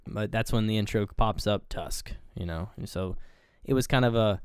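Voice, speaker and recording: A man's voice: fairly low pitch, moderate pace, clear, resonant tone, no echo, clean studio sound. A man co-hosting a casual movie-review podcast, retelling the plot in a rambling way with lots of fillers and restarts. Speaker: podcast co-host.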